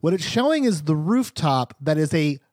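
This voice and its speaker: A man's voice: fairly high pitch, big pitch swings, normal speed, a little mellow, no room sound, clean studio sound. A man narrating a tabletop game as game master, in a casual, rambling way with many fillers.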